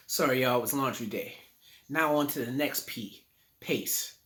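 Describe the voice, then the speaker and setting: A man with a medium-pitched, fairly bright voice speaks a little slowly while giving a casual public speaking lesson from his living room. Filmed on a phone in selfie mode, he talks conversationally and playfully, using rhyming catchphrases.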